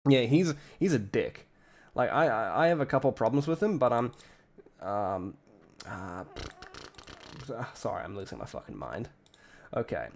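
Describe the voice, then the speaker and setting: A man's voice: medium pitch, darkish tone. Rambling, foul-mouthed Australian man. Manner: rambling, profane, self-interrupting. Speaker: streamer. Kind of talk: casual live-stream commentary.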